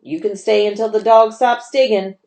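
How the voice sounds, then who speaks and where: A woman's voice: mid-range voice, steady tone, moderate pace, a little mellow, voice pushed up, natural voice. A woman voicing a grouchy, disagreeable male gopher who talks curtly in a storybook reading. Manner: curt and grouchy. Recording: roomy echo.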